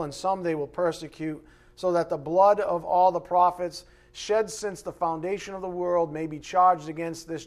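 His voice sits high as he preaches expository material with animation, imitating opponents in a mocking tone and breaking into shouts for emphasis.

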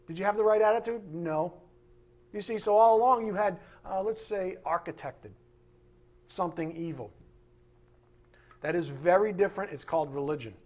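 A middle-aged man preaching with a husky voice, firing off rhetorical questions and swinging from loud outbursts to hushed asides. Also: high-pitched, moderate pace, pauses often. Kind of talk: sermon.

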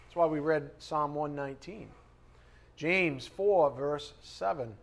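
A male pastor delivering a sermon to his congregation in a conversational way, pressing hard on key words and then dropping into soft, quiet asides. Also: a little high, slow, vocal fry. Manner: conversational, emphatic preaching, swings between loud stresses and soft asides.

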